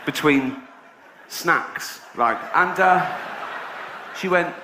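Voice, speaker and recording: Sarcastic comedian in an echoey venue. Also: male voice, medium pitch, a little fast. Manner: sarcastic, deadpan delivery with sudden loud outbursts. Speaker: stand-up comedian. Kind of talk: stand-up comedy routine. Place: large venue with audience. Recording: echoey live venue, audience noise. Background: audience laughter.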